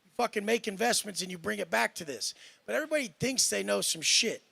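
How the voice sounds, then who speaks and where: A man's voice: sits high, lively intonation, fast, gravelly, bright, forceful tone, slightly rough, dry recording. A brash, profane man boasting on a podcast panel. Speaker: panel guest. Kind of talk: heated podcast panel talk.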